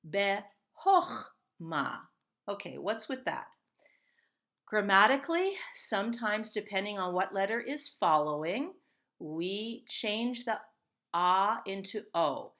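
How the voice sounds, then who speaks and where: A woman's voice: mid-range voice, lively intonation, measured pace, a bit bright. A woman teaching a Hebrew reading lesson, patiently sounding out each word syllable by syllable. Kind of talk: slow step-by-step reading lesson.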